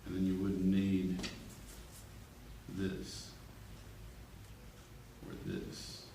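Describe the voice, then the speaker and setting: Gravelly and low, this art teacher's voice is sing-song, with drawn-out words. He jokes and chats while demonstrating a drawing and checking on his class, recorded from a distance in an echoey classroom with faint room noise.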